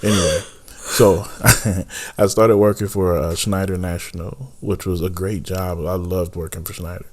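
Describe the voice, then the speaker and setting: Very deep-voiced tired man, rambling playfully. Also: steady tone, normal speed, darkish tone. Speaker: podcast co-host. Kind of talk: casual married-couple chat.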